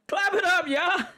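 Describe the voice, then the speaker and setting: A man's voice: very high voice, bright, forceful tone. A man reacting live to football news on a stream, ranting, swearing and laughing at his viewers.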